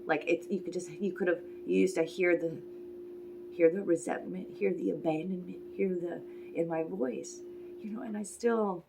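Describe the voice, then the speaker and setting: Gravelly-voiced woman giving a spiritual reading. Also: on the low side, fairly even intonation, moderate pace. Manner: soft, emotional and meandering, with sighs and brief whispers. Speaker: oracle card reader.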